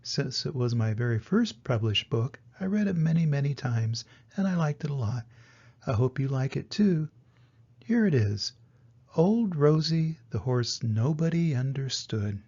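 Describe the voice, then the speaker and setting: An older man reading a children's storybook aloud, gentle and expressive, in a dull lo-fi recording. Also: medium pitch, unhurried. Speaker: storybook reader.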